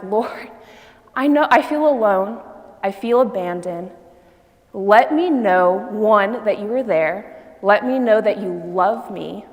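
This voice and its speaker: A young woman giving a heartfelt personal faith testimony as a retreat speaker, telling her story with many fillers. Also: mid-range voice. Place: church hall. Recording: long hall reverb.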